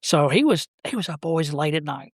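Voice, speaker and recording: A man, a podcast guest telling stories about his brother in a halting, rambling way. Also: on the high side, expressive, slightly rough, no room sound, clean studio sound. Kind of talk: casual storytelling.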